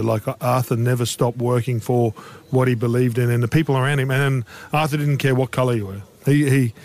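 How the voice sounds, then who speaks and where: A man talks footy on the radio with animated, storytelling energy. His voice sits in a plain middle register, and his tone rises when a story excites him. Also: medium pitch. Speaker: rugby league pundit. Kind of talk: casual radio chat.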